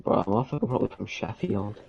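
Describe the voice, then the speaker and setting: A man's voice: on the low side, fairly quick, creaky, muffled recording, a loud crowd. A man who streams roleplay games, chatting casually and teasing his friends in a rambling way. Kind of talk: casual chat.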